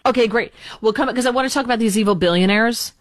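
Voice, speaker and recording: Fast-talking exasperated talk radio hostess. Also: female voice, fairly high pitch, no room sound, studio quality. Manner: chatty, exasperated, self-deprecating. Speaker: radio talk show host.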